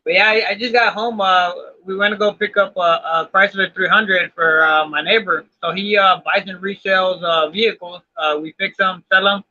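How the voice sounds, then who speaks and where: A man's voice: high voice, steady tone, normal speed, hardly any pauses, pushed and bright. A man from Texas talking as a guest in a casual live video chat, rambling with lots of fillers. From Texas, USA. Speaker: guest modeller. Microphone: video call. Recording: dull lo-fi video call.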